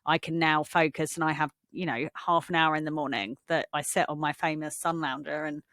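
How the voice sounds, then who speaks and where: A woman co-hosting a casual podcast, her voice lower than most and recorded very dry. She explains things calmly and reflectively, with plenty of "you know"s and "like"s. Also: brisk, no room sound. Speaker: podcast co-host. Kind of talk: casual chat.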